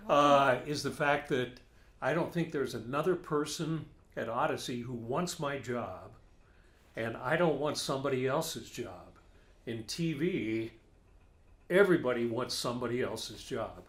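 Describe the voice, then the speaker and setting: Man, co-host, reflective and bantering, ordinary pitch, echoey room. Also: unhurried. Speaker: podcast co-host. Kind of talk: casual chat.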